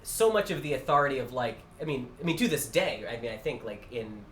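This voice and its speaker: A man's voice: medium pitch, lively intonation, brisk, fairly bright tone. A man co-hosting a podcast, musing and digressing as he thinks aloud in casual conversation. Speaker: podcast co-host. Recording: echoey room, faint background noise.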